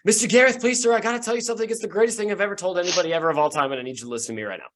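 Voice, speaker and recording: A man's voice: high voice, rapid-fire, a bit bright, voice pushed up. Man doing an eager, breathless young boy. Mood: excited. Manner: earnest, breathless and rambling.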